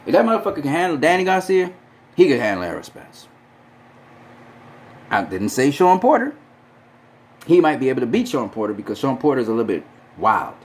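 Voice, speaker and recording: Emphatic profane man with lively pitch. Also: a little fast, pauses often. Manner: emphatic, profane, repeats himself for stress. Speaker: boxing commentator. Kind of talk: casual opinion monologue.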